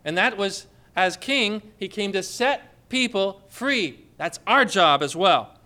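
Bright-voiced emphatic male preacher. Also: sits high, lively intonation, takes it slowly. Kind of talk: sermon.

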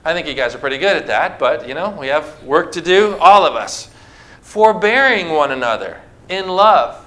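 A man with a high, bright voice delivers a sermon in a church, speaking directly to his congregation. He leans on rhetorical questions and hands-on object lessons in a conversational preaching style. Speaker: pastor.

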